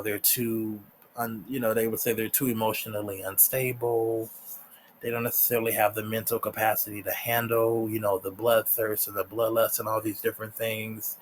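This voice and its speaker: A man's voice: on the low side, a bit bright, slight background noise. A man giving a casual, rambling episode recap, full of fillers and restarts. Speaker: TV show reviewer.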